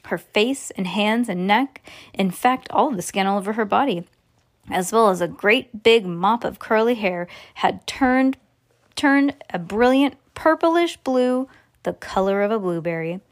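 A woman's voice: medium pitch, lively intonation, measured pace. A woman reading a children's book aloud to a child at home, informal and stumbling now and then, correcting herself as she goes. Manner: informal, with slips and self-corrections. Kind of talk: bedtime story reading.

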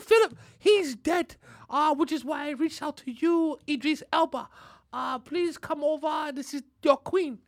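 A man doing a lewd, prim old queen in a high, mock-posh voice. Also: a bit bright, dry recording, exaggerated voice. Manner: mock-proper, high-pitched posh put-on voice. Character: lewd, imperious elderly queen, female. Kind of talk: comic impression on a podcast.

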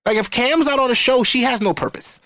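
A man on a comedy podcast, ranting crudely and rambling about reality TV, often jumping into excited outbursts. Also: very high-pitched, brisk, no room sound, studio quality. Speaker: podcast co-host or guest. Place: podcast recording setup.

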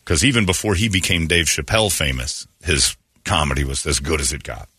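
A man in casual comedic chat, riffing animatedly and jumping into high mocking voices for bits. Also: lively intonation, a little fast, pushed and bright, breathy edge, no echo.

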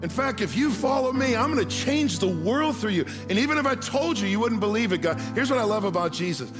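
A man's voice: sits high, animated, a little fast. Man preaching over background music. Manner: storytelling, rises to loud fervent preaching. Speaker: pastor. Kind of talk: sermon.

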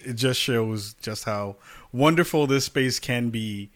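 A man's voice: mid-range voice, unhurried. A man hosting a podcast, chatting casually and laughing easily. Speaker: podcast host. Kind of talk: casual chat.

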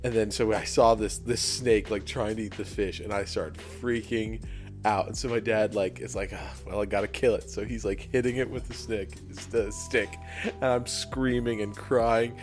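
A young man co-hosting a podcast, telling a story in casual chat and acting out his younger self with animated bursts. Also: fairly low pitch, moderate pace, faint music behind. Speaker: podcast co-host.

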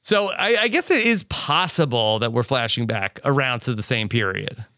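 Male host, easygoing plot recap, smooth bright tone, dry asides. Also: mid-range voice, lively intonation, moderate pace, no echo. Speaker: podcast host. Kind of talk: casual recap chat.

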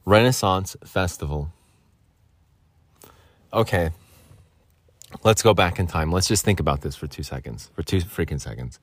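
A young man in his twenties rambles and jokes while hosting a casual solo podcast from a vocal booth, swearing now and then. His voice sits low and runs at normal speed with frequent pauses, and there's no echo.

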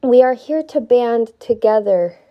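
Slow, earnest young woman with a stuffy nose. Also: on the high side, lively intonation, lo-fi sound. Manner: earnest, heartfelt, swears for emphasis. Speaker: vlogger. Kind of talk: spiritual pep talk to viewers.

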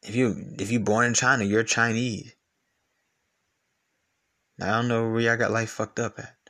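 A man's voice: medium pitch, little pitch movement, measured pace, pushed and bright. A man hosting a podcast, ranting in a blunt, profane, repetitive and argumentative way. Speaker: podcast host. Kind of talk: casual podcast rant.

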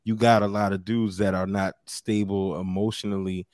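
Low-voiced man, laid-back talk. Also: flat delivery, normal speed, darkish tone, no echo, studio quality. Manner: laid-back, talks in loose restarts. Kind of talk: casual chat.

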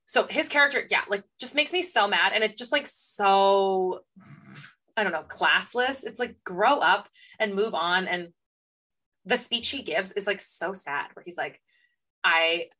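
A woman's voice: mid-range voice, animated, measured pace, pushed and bright. A young woman co-hosting a casual book podcast, speaking emphatically with strong opinions and casual swearing. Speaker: podcast co-host. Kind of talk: casual chat.

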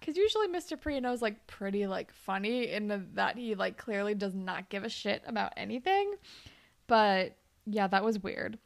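Creaky-voiced young woman chatting. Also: medium pitch, lively intonation, normal speed. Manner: chatty, lots of "like", laughs often, acts out characters' lines. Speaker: podcast co-host. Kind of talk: casual chat recapping a TV show.

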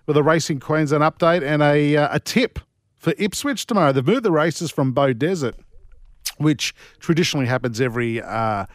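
A man's voice: a little high, animated, moderate pace, no room sound, studio quality. A man with an Australian accent co-hosting a radio sports show, joking, teasing his co-host and plugging the text line. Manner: jokey, teasing, upbeat plugs. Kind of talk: casual radio banter.

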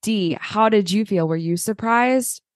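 Animated woman podcaster, dry close mic. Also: medium pitch, measured pace, no echo. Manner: animated, swears, acts out quotes in mocking voices. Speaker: podcast co-host. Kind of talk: casual chat.

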